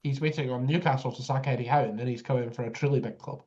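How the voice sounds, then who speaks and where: A man's voice: medium pitch, fairly even intonation, fast talker, a little mellow, muffled recording. A man co-hosting a casual football podcast, teasing and sarcastic in his remarks. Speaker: podcast co-host.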